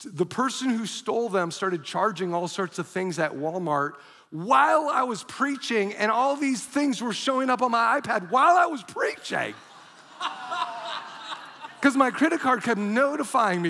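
High bright-voiced male pastor preaching. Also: moderate pace, long reverb tail. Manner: animated storyteller, bursts into shouts. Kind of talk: sermon. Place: church auditorium.

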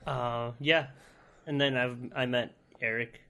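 A man co-hosting a gaming podcast in casual chat, speaking in a halting, hesitant way. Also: medium pitch, fairly even intonation, vocal fry, pushed and bright, smooth. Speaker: podcast co-host.

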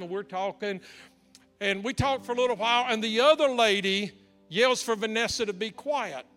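Male pastor, high bright voice, animated storytelling sermon in a reverberant church hall with faint music. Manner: animated storyteller, acting out dialogue.

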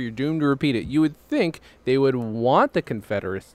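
A man's voice: medium pitch, a little fast, hardly any pauses. A man co-hosting a podcast, joking and laughing in casual comedic chat at a desk microphone. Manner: joking, animated, laughs often. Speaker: podcast co-host.

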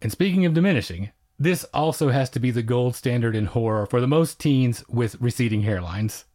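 A man's voice: medium pitch, lively intonation, a little fast, dark tone. A man in the middle of his range, talking through old horror films on a casual podcast. His manner is enthusiastic and a little wry, like a devoted film buff. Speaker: podcast co-host. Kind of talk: casual film review chat.

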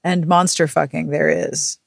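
A woman's voice: low voice, little pitch movement, a little slow, vocal fry, husky, no room sound, clean studio sound. A woman co-hosting a podcast, summing up a book's plot in casual chat with wry, blunt asides. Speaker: podcast co-host. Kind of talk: casual book recap chat.

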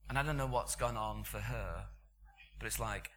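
A man's voice: fairly low pitch, normal speed, a bit bright, a little hiss or hum. A middle-aged British man giving a sermon in a conversational, storytelling way. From Britain. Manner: conversational storytelling, chuckling asides. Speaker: preacher.

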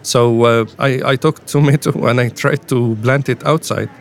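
A man speaking English, telling of his detention in halting speech full of repeated words and fillers. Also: medium pitch, steady tone, vocal fry. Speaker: interviewee, former detainee. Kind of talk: personal testimony. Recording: faint music underneath.

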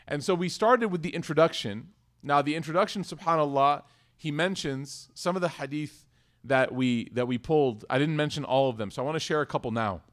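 A man in his thirties giving a casual sermon at a mosque, teaching with personal stories, conversational asides and quick restarts. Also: fairly high pitch. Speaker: imam teaching a weekly class.

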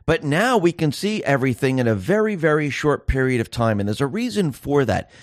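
A man's voice: medium pitch, big pitch swings, fairly quick, no room sound, studio quality. A man hosting a political commentary monologue. He speaks emphatically, fires off rhetorical questions and acts out the voices of ordinary people.

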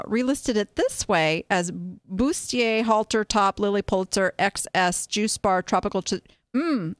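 A fairly high-pitched woman speaks in clean studio sound with no room sound. She's the host of a casual live stream, reviewing online sales listings with frank, chatty, animated advice and plenty of restarts.

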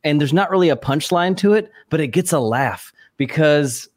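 A man's voice: fairly high pitch, lively intonation, moderate pace, no echo, clean studio sound. A man hosting a casual podcast interview, musing loosely about comedy and often chiming in with short replies. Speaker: podcast host.

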